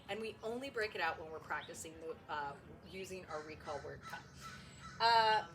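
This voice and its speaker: Lively high-voiced woman dog trainer. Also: a little hiss or hum. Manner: chatty and upbeat, switches to a high excited sing-song when calling the puppy. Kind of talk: casual training tutorial. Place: indoor training space with puppies.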